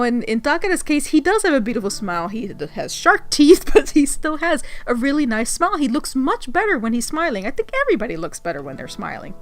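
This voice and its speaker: A woman vlogger recounts a funny memory in a loose, chatty way. Her voice sits a little high, and she breaks into laughter often while acting out what people said. Quiet music plays underneath. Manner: animated, laughs often, acts out quotes. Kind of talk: casual storytelling vlog.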